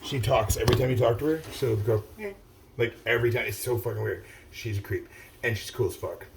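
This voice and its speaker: A fast talker with a mid-range voice, this middle-aged vlogger stands still outdoors amid slight background noise. He rambles to his viewers casually, swearing a lot, restarting, and leaning on "like" and "uh".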